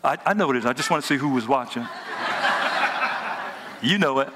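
A man preaching a lively, joking sermon in casual everyday speech and talking back and forth with a live audience. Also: mid-range voice, a little fast, noisy background. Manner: animated, joking, colloquial, talks with the audience. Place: hotel event room before a live audience.

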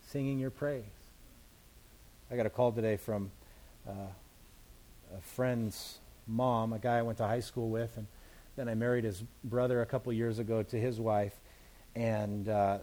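A pastor with a warm, low-leaning voice teaches through scripture verse by verse. His sermon is conversational, explaining the text in plain everyday words.

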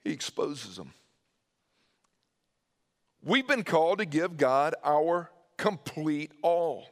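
Preaching man with swinging pitch. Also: sing-song, slow pace. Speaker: pastor. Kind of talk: sermon.

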